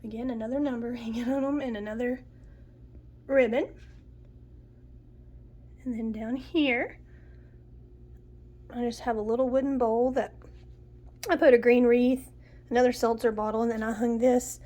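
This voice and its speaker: Sniffling with a cold that makes her sound nasal, a middle-aged woman narrates a casual tour of her decorated house, listing each item in a warm, homey, chatty way. Her slightly high voice keeps a fairly even intonation at normal speed, broken by long pauses.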